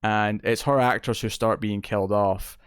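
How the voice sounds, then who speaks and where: A man's voice: lowish voice, fairly even intonation, normal speed, clear, resonant tone, dry recording, clean studio sound. A man hosting a casual spoken movie review show, enthusiastic and rambling, with many fillers and restarts. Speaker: film reviewer, show host.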